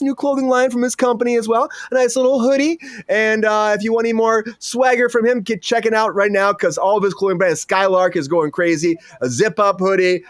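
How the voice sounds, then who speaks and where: A man hosting a live comedy entertainment news show over a video call, excitable and rambling, repeating words. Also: high-pitched, no echo, clean studio sound. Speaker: host.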